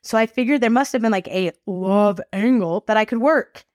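A woman hosting a faith podcast, telling a personal story in a lively, expressive, casual way. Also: on the high side, moderate pace, no echo, studio quality. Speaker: podcast host. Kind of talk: faith-based storytelling talk.

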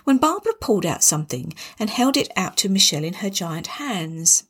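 A woman's voice: mid-range voice, big pitch swings, fairly quick, hardly any pauses, fairly bright tone, breathy edge. A woman narrating a darkly comic story in a wry, dramatic way.

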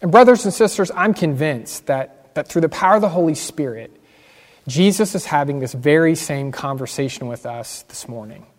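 A man's voice: a little high, expressive, moderate pace. A man preaching a sermon as pastor, earnest and emphatic, repeating key phrases. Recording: long hall reverb.

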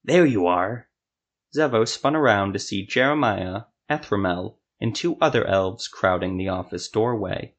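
A man narrating a scripted fantasy story for a podcast in a steady, even storytelling manner. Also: fairly low pitch, moderate pace, few pauses.

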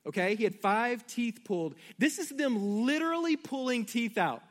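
A middle-aged pastor with an extremely high-pitched voice preaches a sermon at normal speed. He's animated, telling family stories and speaking straight to his congregation.

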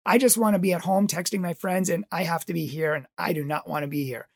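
A man's voice: high voice, fairly even intonation, fast talker, creaky, dry recording, studio quality, voice pushed down. A man voicing a bored, sullen seventh-grade kid who mutters complaints. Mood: sulky.

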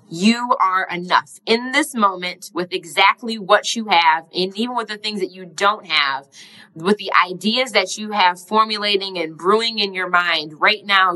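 A woman's voice: on the low side, pushed and bright, low-quality recording. A young woman talking earnestly and casually about her own growth, moved almost to tears at times. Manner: earnest, heartfelt, casual with filler "like". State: emotional, near tears. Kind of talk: reflective personal monologue.

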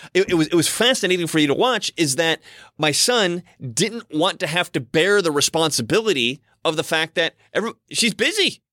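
A commentator with a fairly bright voice on the high side gives a casual, rambling monologue at a moderate pace, sounding animated. He often repeats himself and restarts sentences, in studio-quality sound with no echo.

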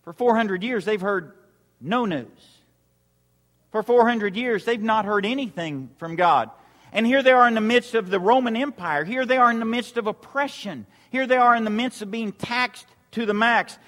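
High-voiced preacher in an echoing hall. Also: male voice, moderate pace, fairly bright tone. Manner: repetitive call-and-response preaching. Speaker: pastor. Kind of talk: sermon. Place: church sanctuary. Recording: long reverb of a large hall.

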